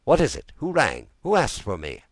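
A male audiobook reader voicing a young, ambitious magistrate who talks in quick, high-strung questions. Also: huge pitch swings, no room sound, studio quality. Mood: anxious.

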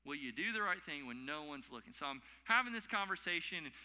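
A man in his thirties preaching a sermon as pastor, animated and conversational, swinging between loud emphatic peaks and quiet asides. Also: a little high, a little fast, smooth. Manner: conversational, confessional storytelling. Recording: long hall reverb.

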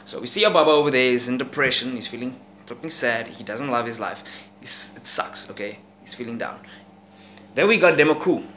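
A young man from South Africa with a South African accent, telling a profane, animated story in a casual vlog at home. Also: medium pitch, fairly quick, slight background noise. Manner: animated, profane, slangy, acts out characters with sound effects. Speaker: vlogger. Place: room at home.

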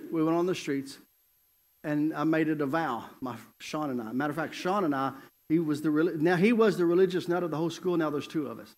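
A middle-aged male evangelist preaching a sermon and telling his own story in an animated way, laughing often as he goes. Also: fairly high pitch, fairly quick. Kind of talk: sermon with personal testimony.

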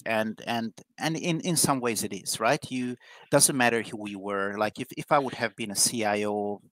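A man's voice: lowish voice, normal speed, a bit bright, dry recording, low-quality recording. A man from Hungary, a guest in a live interview, speaking candidly with frequent restarts. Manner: repetitive restarts, chatty and candid. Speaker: guest, IT professional.

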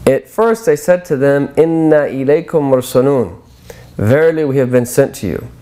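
A middle-aged man teaches scripture in a patient, explaining manner. His voice is mellow and warm, at an ordinary pitch. Now and then he breaks into quick chanted recitation of verses. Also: animated. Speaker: religious teacher. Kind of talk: lecture on scripture.

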